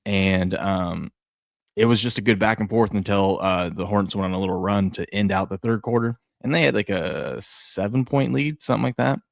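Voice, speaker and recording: A man co-hosting a sports podcast, telling rambling, excitable stories in casual chat. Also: lowish voice, normal speed, gravelly, no echo, studio quality. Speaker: podcast co-host.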